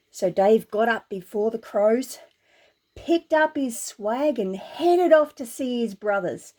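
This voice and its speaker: A woman with an Australian accent reading a humorous story aloud, animated and full of slang. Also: a little high, slow pace.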